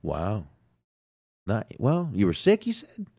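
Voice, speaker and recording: A man with a very deep voice hosts a loose wrestling podcast while nursing a sinus cold. He swears constantly and rants with a lively, animated pitch. The sound is close and dry. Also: takes it slowly, vocal fry, husky, dry recording. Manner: profane, excitable, ranting. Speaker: podcast co-host. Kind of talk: casual wrestling podcast chat.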